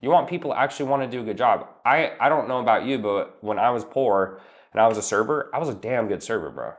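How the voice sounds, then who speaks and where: A man's voice: mid-range voice, lively intonation, fast talker. A man giving casual business advice as a coach, blunt and emphatic, swearing freely and calling the listener "bro" while he walks through numbered steps.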